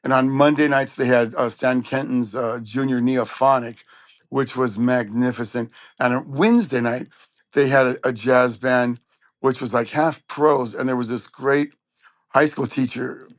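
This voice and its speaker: A man's voice: medium pitch, measured pace, no room sound. A man from Southern California telling stories as a trumpet player guest in an interview, acting out what people said. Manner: animated storyteller, acts out quotes. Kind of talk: storytelling interview.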